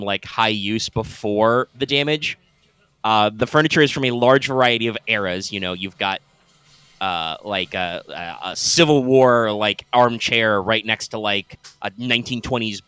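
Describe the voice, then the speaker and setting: A man's voice: mid-range voice, pushed and bright, smooth, dry recording. A man narrating a tabletop game as game master, describing scenes loosely with lots of fillers.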